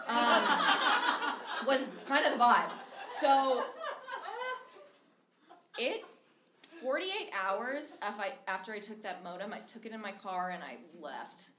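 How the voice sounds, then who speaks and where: A woman's voice: mid-range voice, unhurried. A young woman telling a personal story at a live storytelling show, chatty, full of "like" and restarts, acting out the quotes. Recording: echoey room with faint noise.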